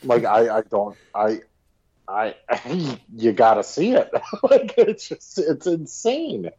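A husky man riffs on a podcast about a movie that baffled him, swearing and laughing in disbelief. His voice swings widely in pitch, and the recording sounds dull and lo-fi. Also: sing-song, slow pace, mellow. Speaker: podcast co-host. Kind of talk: casual movie review chat.

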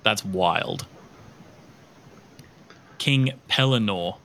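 Bright-voiced man rambling on a podcast. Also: on the low side, extremely slow, gravelly, slight background noise. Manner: rambling, looks things up aloud. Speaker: podcast co-host. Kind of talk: casual chat.

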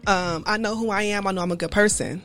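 A woman's voice: medium pitch, fast, fairly bright tone, soft background music. A woman in casual chat who talks bluntly and candidly, acting out other voices in her stories.

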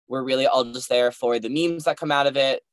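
A man's voice: medium pitch, brisk, smooth, no room sound. A man co-hosts a podcast, chatting casually in a mid-range voice. He hesitates and rambles through his points with many hedges. The recording is dry and close. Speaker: podcast co-host. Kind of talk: casual chat.

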